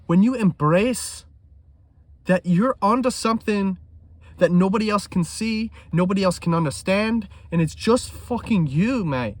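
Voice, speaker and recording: A man vlogging about trading in an intense monologue, swearing freely and swinging between loud emphasis and hushed talk. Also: high-pitched.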